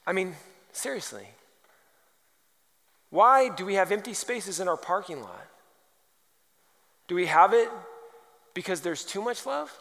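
A man's voice: sits high, very animated, measured pace, creaky, long pauses, a bit bright. A man preaching a sermon, firing off rhetorical questions and telling humorous stories. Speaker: pastor. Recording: long hall reverb.

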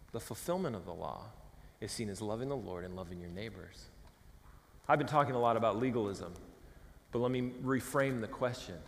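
A man from California preaching a sermon as pastor, emphatic and swinging between loud declarations and hushed asides. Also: lowish voice, vocal fry, in a large hall. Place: church sanctuary.

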